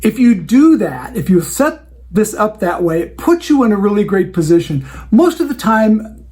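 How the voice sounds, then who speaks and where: This wedding DJ show host has a high-pitched, sing-song, slightly mellow voice at a normal speed. He chats through advice about clients and acts out the exchanges he has with them.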